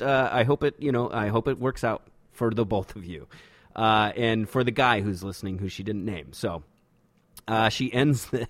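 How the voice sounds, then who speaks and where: A man hosting a podcast in casual chat, reading listener emails in a relaxed, filler-heavy way, often saying "man.". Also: mid-range voice, dry recording. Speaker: podcast host. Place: home studio in a backyard.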